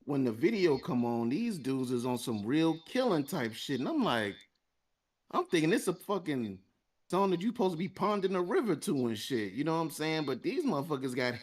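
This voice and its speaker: A man's voice: a little high, big pitch swings, moderate pace. A man co-hosting a podcast, telling a long story in a casual, profane, rambling way and laughing between lines. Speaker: podcast co-host.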